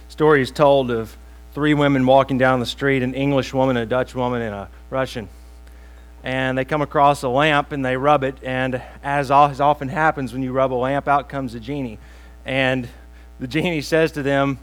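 A man preaching a sermon, telling a joke with slow pauses and plain asides to the congregation. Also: medium pitch, steady tone, poor audio. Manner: storytelling with pauses, self-deprecating asides. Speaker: pastor.

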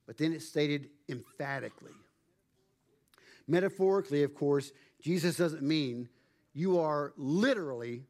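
A man's voice: a little high, a little mellow. Emphatic preacher man. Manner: emphatic, measured preaching with dramatic pauses. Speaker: pastor. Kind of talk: sermon.

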